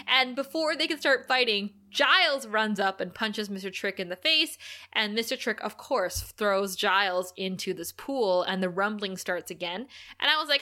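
A woman's voice: medium pitch, moderate pace. A woman co-hosting a podcast, recapping an episode in casual chat, often laughing and acting out the characters' lines. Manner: animated, laughs often, acts out quotes. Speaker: podcast co-host.

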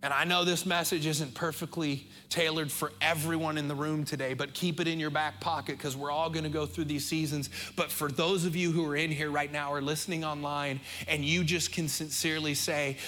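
A middle-aged man with an American accent preaching a sermon as pastor, earnest and openly emotional, slowing right down on key phrases. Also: on the high side, flat delivery, pushed and bright, slight background noise. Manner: emotional, earnest, speeds up and slows down for emphasis.

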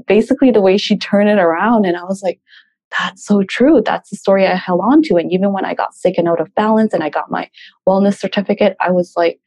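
A woman talking as a guest about leaving a job, reflective and measured, with light laughs. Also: mid-range voice, a little mellow. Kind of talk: reflective conversation.

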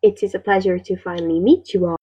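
A woman's voice: on the low side, steady tone, fast, husky, highs cut off. Woman playing a gracious ice spirit. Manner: formal, gentle, reassuring. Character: gracious female ice spirit, gentle and wise.

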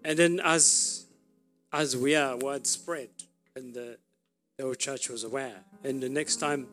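A man's voice: medium pitch, bright, forceful tone. Man preaching a storytelling sermon. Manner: storytelling sermon, pauses and restarts. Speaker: pastor.

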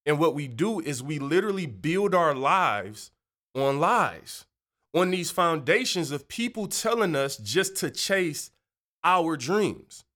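Taking his time, a podcast host with a higher-pitched, fairly bright voice and lively intonation talks through a casual faith monologue. He's slangy and chatty, goes off on tangents, and slips playfully into joking voices.

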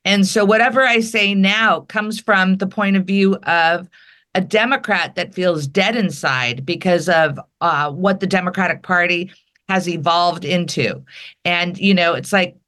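A woman comedian talking casually as a guest, telling animated stories and acting out the people she quotes. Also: fairly low pitch, measured pace. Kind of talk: casual political chat.

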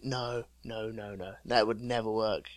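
A man's voice: lowish voice, fairly even intonation, unhurried, no room sound. A man co-hosting a podcast, casually chatting and reading out odd news stories with a joking, storytelling manner. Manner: jokey storyteller, reading out news items with chuckles. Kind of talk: casual chat.

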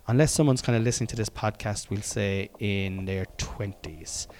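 A man's voice: fairly low pitch, normal speed. Rambling, joking podcast man. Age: 40s. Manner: rambling, joking, swearing, with sudden loud bursts. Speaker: podcast host. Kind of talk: casual solo podcast rant.

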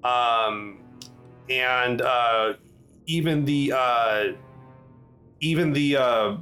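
Halting male game master, faint music. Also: medium pitch, steady tone, sharp tone. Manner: halting, filler-heavy narration with many restarts. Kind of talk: narrating a tabletop game.

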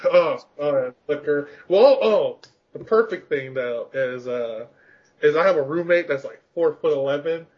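A man with a slightly high voice tells rambling, self-mocking stories in a casual podcast chat. He laughs often between his words. The recording sounds a little dull and lo-fi. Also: expressive, unhurried. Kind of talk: casual storytelling chat about gaming rage.

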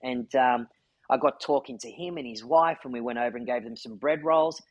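A man hosts a podcast and recounts a story with earnest, heartfelt feeling. His voice has a husky grain and sits at a middle pitch. The sound is dry and close. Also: fairly quick, dry recording, muffled recording. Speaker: podcast host. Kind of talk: casual chat.

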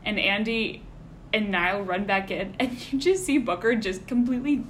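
A woman's voice: mid-range voice, normal speed, slight background noise. A woman co-hosting a podcast, chatting casually and eagerly recapping scenes. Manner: chatty, retelling scenes enthusiastically. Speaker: podcast co-host. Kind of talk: casual chat. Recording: echoey room.

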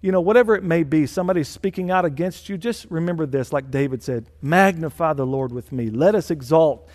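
A male senior pastor delivers a sermon with a fairly high voice, pressing his points home and repeating phrases for stress. His voice carries a long reverb, as if in a church hall. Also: brisk, darkish tone.

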